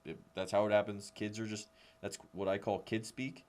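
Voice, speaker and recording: A man's voice: lowish voice, level tone, normal speed, a little mellow. A man coaching in a casual, conversational way, explaining a drill and repeating short cues. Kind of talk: casual spoken coaching tutorial.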